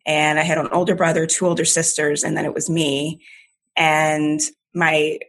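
This is a middle-aged woman from Jamaica chatting as a podcast guest, her speech fully American. Her voice sits a little low and has a husky, breathy edge. She talks in an animated, self-deprecating way and laughs easily. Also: normal speed. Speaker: podcast guest, comedian and author. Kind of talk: casual interview conversation.

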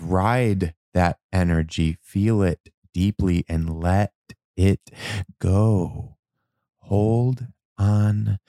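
A man giving a reflective motivational talk about anger and change, slow and emphatic, repeating words and now and then swearing. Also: deep voice, a little mellow, clean tone, no echo, studio quality. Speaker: self-help speaker.

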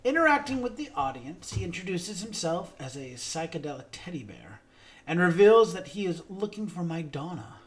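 A man co-hosting a podcast, giving a steady scripted reading of credits and a show synopsis. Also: sits high, normal speed. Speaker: podcast co-host.

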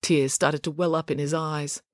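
A woman narrating a children's story with expressive delivery. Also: deep voice, moderate pace, no echo, clean studio sound.

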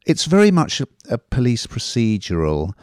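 A man's voice: mid-range voice, huge pitch swings, moderate pace, a little mellow, no echo, studio quality. A man hosting a podcast, reviewing a TV drama in a chatty, rambling way. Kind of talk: casual review chat.

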